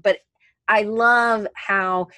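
A woman's voice: mid-range voice, fairly even intonation, very slow, sharp tone, no echo. Chatty woman, rambling and dry. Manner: rambling, self-correcting, chatty. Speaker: podcast co-host. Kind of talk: casual chat.

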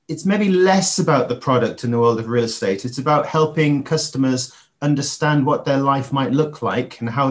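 Reflective English man, podcast guest. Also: medium pitch. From England. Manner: reflective, with frequent fillers and restarts. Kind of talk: podcast interview.

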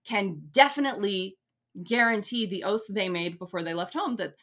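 A woman hosts and retells an old legend in loose, casual talk. She is animated and freely profane, and her voice is bright and forceful. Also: mid-range voice, moderate pace. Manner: animated, profane, laughs often. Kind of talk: casual storytelling.

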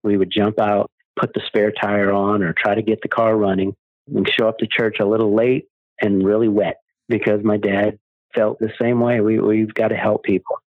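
A man's voice: on the low side, flat delivery, normal speed, dry recording. A man in his forties or fifties, a charity founder telling stories as an interview guest in an earnest way. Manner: earnest storyteller. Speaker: guest, charity founder giving cars away. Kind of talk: interview conversation. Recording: dry, phone-like narrow sound.

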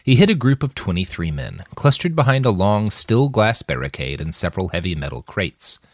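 Deep-voiced man narrating an audiobook. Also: a little fast, dry recording, studio quality. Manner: expressive storytelling.

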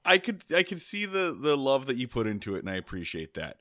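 A man's voice: medium pitch, very animated, a little fast, sharp tone, no echo, studio quality. A man co-hosting a casual podcast, telling a rambling story with many restarts and laughs. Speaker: podcast co-host.

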